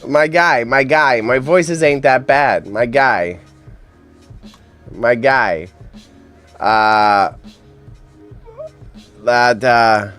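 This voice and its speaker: A man's voice: mid-range voice, slow pace, pauses often, a bit bright, faint music behind. A young man hosting a casual livestream, joking and self-deprecating as he laughs along and banters with his chat. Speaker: livestream host. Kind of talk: casual live-stream chat.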